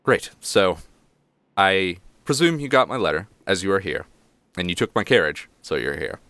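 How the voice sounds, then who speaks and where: A man's voice: low-pitched, big pitch swings, normal speed, a bit bright, no room sound, exaggerated voice. A man doing a weary halfling lord. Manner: tired, polite and formal. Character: weary middle-aged halfling lord, sleepless and tense. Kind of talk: voicing a character in a tabletop game.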